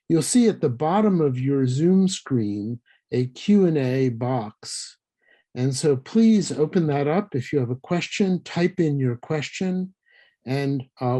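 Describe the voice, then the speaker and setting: A man introducing a guest speaker at a public science lecture, pausing often with fillers. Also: mid-range voice, warm tone. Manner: hesitant, frequent uh fillers. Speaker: lecture series host.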